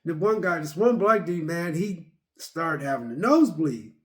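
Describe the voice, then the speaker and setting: Guy rambling thru a movie review, kinda high voice, keeps repeating himself, super animated. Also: moderate pace. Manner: rambling, animated retelling with many repeats and fillers.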